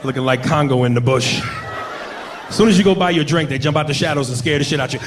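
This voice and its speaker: Brash comedian, slightly high voice, live club crowd and noise. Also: male voice, quick pace. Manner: brash, profane, conversational. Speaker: stand-up comedian. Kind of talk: stand-up comedy routine.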